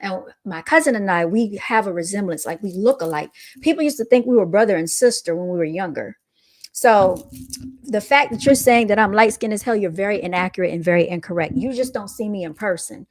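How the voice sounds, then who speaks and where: A woman's voice: medium pitch, expressive, a little fast. Amused woman answering her live chat. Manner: amused, laughing often, retorts to commenters. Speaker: livestream host reading chat. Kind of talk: casual livestream chat.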